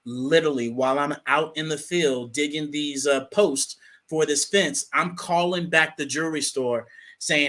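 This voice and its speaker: A young man co-hosts an online talk, spinning a casual story about work in a folksy, animated manner. His voice is bright and sits a bit high, and he often restarts and repeats words mid-sentence. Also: normal speed. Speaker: co-host.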